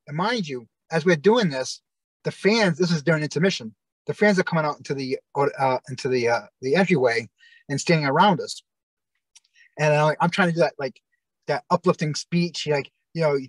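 A man's voice: a little high, a little fast, dry recording. A man telling stories in a casual interview, rambling with lots of fillers and restarts. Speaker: interview guest.

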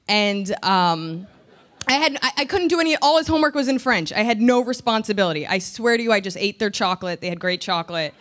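A woman comedian in her thirties from New Jersey, telling a personal story candidly and with self-deprecating humor. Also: medium pitch. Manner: candid, self-deprecating, animated when recounting.

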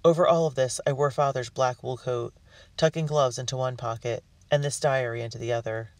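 A man narrating a storybook in the first person with an earnest, expressive delivery. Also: medium pitch, fairly quick, no room sound. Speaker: audiobook reader. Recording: dry, distant mic.

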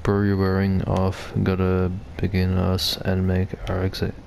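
A man's voice: sits low, completely flat delivery, normal speed, vocal fry, a little mellow, slight background noise. A man giving casual, rambling commentary as he plays a video game, reading on-screen text aloud. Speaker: gamer.

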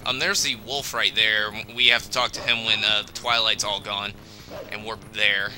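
A man's voice: lowish voice, flat delivery, normal speed, bright, forceful tone. A young man giving casual, joking game commentary, chatty and a bit grumbly.

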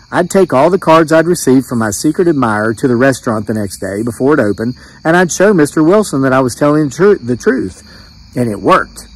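A man's voice: medium pitch, low-quality recording. A man reading his own true story aloud in a plain, conversational way, then chatting with a few fillers. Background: crickets chirping.

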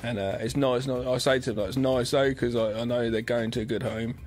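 A man's voice: medium pitch, fairly even intonation, a little fast, a little mellow. A man co-hosting a podcast, rambling casually, swearing freely and slipping into mock voices. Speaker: podcast co-host. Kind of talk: casual chat.

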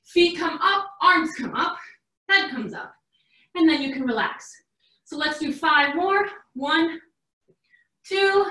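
A woman's voice: high voice, sharp tone, distant mic. A young woman coaching a live online workout class, encouraging and a little out of breath, heard from across an echoey room. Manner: encouraging, upbeat instructions. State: slightly out of breath. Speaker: fitness coach.

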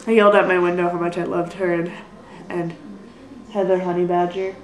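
A woman's voice: on the low side, little pitch movement, fairly quick, echoey room, poor audio. A young woman rambling through a casual vlog, apologizing often and putting herself down. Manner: rambling, apologetic, self-deprecating. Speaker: vlogger. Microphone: built-in computer mic.

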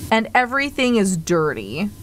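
A woman's voice: medium pitch, very animated, moderate pace, a bit bright, a little hiss or hum. A woman streamer chatting casually during a live game, theatrical and prone to exaggerated outbursts and groans.

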